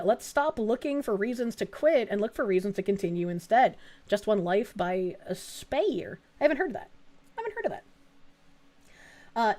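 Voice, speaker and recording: A young woman streamer chatting casually, reading viewer messages aloud and answering them. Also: on the high side. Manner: chatty, reads messages aloud, frequent fillers and laughs. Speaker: streamer reading chat donations. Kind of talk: casual livestream chat.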